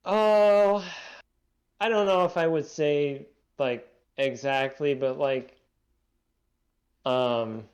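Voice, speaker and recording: A man's voice: a little high, steady tone, drawn-out words, long pauses. A man co-hosting a casual movie podcast, laid-back and hesitant, with lots of "I mean" fillers. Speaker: podcast co-host. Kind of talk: casual chat about movies.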